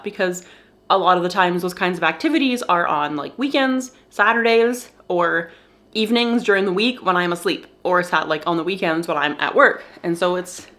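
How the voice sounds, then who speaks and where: Teary young woman vlogging candidly. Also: mid-range voice. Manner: soft, halting and teary, with nervous laughs. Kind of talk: candid personal vlog.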